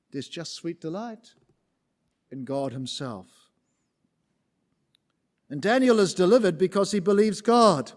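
A man preaching a sermon in a church, emphatic and building up repeated rhetorical lists. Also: sits high.

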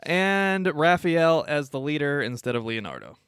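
Male podcast co-host, casual and halting, smooth clear voice with a dry close sound. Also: fairly high pitch, no room sound. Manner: relaxed, hesitant, lots of fillers and chuckles. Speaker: podcast co-host presenting news. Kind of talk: casual chat.

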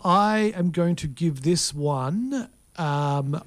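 A man reviews films on a casual chat show, hesitating and restarting often. His voice sits slightly high. The sound is close and dry. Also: lively intonation, very slow, no echo. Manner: hesitant, full of ums and restarts. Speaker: co-host film reviewer.

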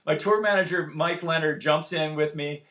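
A man in his forties telling a story in casual chat, animated and profane, acting out the quotes. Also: fairly high pitch, moderate pace. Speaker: musician guest telling a story.

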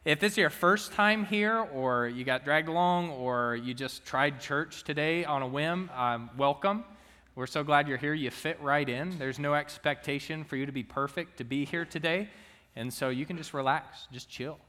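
A man's voice: a little high, normal speed, sharp tone, clear, resonant tone, long reverb tail. A young man and student minister giving a chatty, joking sermon to his church. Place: church sanctuary.

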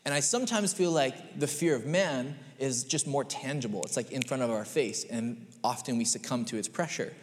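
A man in his thirties delivers a sermon from the pulpit, his voice sitting at an ordinary middle pitch. He tells stories with energy, slipping into quick acted-out voices for his kids and himself. A long church reverb trails behind every phrase. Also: a little hiss or hum. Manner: storytelling with animated acted-out quotes. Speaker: pastor. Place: church sanctuary.

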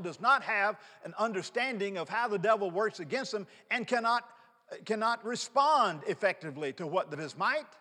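A man's voice: sits high, bright, forceful tone, long reverb tail. A man in his fifties preaching a sermon as pastor, emphatic and repeating key words for stress. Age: 50s.

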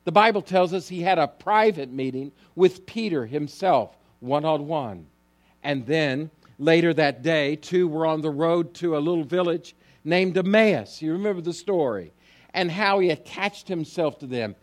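High-pitched guy preaching a sermon, animated and emphatic, keeps asking the congregation questions. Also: moderate pace. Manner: animated storytelling with emphatic, climbing phrases; asks the listeners direct questions. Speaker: pastor.

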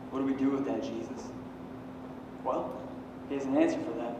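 A man in his thirties preaching a sermon, swinging from loud, emphatic peaks down to quiet joking asides. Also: medium pitch, moderate pace, long pauses, background noise. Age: 30s. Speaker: pastor. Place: church hall. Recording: echoey hall from far off.

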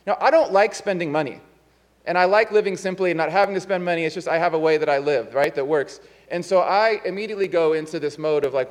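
A high-pitched male pastor preaching in a church, his voice trailing off into a long reverb. He talks in a loose, chatty way and laughs at his own faults as he tells a story. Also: fast talker. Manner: conversational, self-deprecating storytelling. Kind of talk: sermon with a personal story. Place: church sanctuary.

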